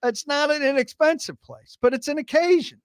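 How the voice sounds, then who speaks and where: A man co-hosting a sports talk radio show, opinionated and quick to push back. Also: very high voice, dry recording, studio quality.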